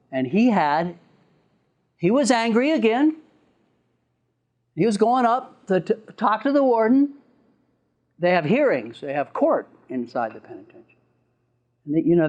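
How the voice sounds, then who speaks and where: A man, a therapist, lecturing an audience with an animated, chuckling storytelling manner and sound effects. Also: on the high side, muffled recording.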